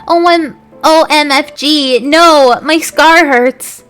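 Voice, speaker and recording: A woman's voice: high voice, brisk, pitched above the performer's own voice, natural voice. A woman voicing a melodramatic gothic teenage vampire boy, whiny and overwrought.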